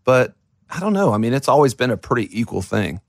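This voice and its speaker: A man's voice: medium pitch, sing-song, fast talker, vocal fry, dry recording, studio quality. A man answering interview questions in a loose, rambling way, full of restarts and fillers. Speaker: band member interviewee. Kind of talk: casual interview talk.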